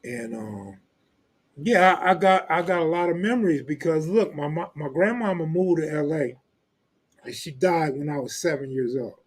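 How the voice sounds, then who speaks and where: A man's voice: on the high side, normal speed, slightly rough. Joking man chatting on a stream. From California. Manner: loose, joking street slang, laughs often. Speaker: live stream host. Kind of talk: casual chat reading live comments.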